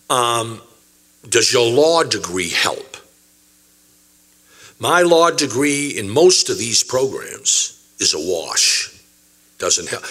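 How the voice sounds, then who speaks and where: An older man who administers compensation funds, speaking to an audience with dramatic pauses and repeated emphasis. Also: lowish voice, sharp tone. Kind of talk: speech to an audience.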